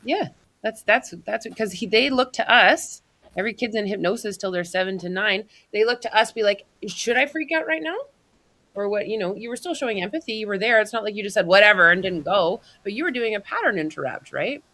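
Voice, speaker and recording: A woman's voice: mid-range voice, fast, a bit bright. A woman in casual podcast chat, affirming and explaining things in hypnosis terms.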